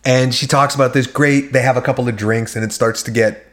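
A man co-hosting a podcast, chatting casually and retelling scenes with quick acted-out lines. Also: mid-range voice, fairly even intonation. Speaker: podcast co-host. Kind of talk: casual chat.

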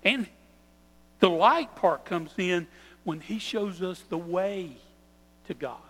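Earnest high-voiced male preacher. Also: fairly bright tone, big-room sound, poor audio. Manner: earnest preaching, slows and stresses key phrases. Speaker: pastor. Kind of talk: sermon.

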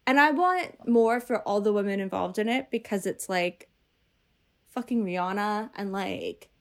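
A woman in a casual movie chat with friends, talking in an animated, run-on way with lots of "like" fillers. Her voice sits at a middle pitch for a woman. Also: a little slow.

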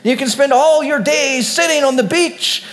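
A preacher playing a shouting, exasperated businessman. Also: extremely high pitch, normal speed, voice pushed up. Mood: angry. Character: angry pushy male businessman. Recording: long hall reverb.

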